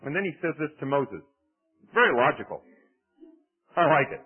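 A man preaching a sermon in an animated, conversational way, with dramatic swings in his delivery. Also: fairly high pitch, normal speed, pauses often, slightly rough, soft background music. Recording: tinny phone-like radio broadcast.

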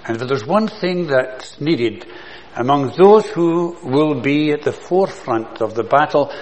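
A man preaching a sermon in an earnest way, building to loud, passionate emphasis and then dropping soft. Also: mid-range voice, lively intonation, a little slow, low-quality recording.

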